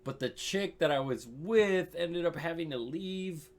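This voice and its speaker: A man's voice: on the high side, unhurried. A young man casually telling a rambling, profane story on his stream, with lots of fillers and restarts.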